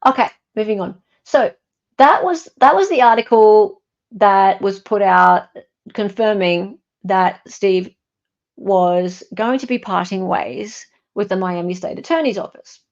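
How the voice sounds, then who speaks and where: A woman's voice: medium pitch, unhurried, highs cut off. Chatty Australian woman on a livestream. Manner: chatty, wry, self-correcting asides. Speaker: online commentator. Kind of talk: casual livestream, reading viewer comments.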